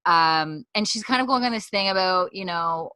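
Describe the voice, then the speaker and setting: A woman's voice: on the low side, normal speed, pushed and bright, no room sound. A young woman co-hosting a podcast, recapping a TV episode in a rambling, chatty way with frequent laughs. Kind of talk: casual chat.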